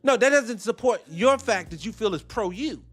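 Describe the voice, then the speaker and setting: A man hosting a show, reacting to a debate clip with animated, profane commentary and rhetorical questions. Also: high voice, normal speed, faint music behind. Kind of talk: heated commentary.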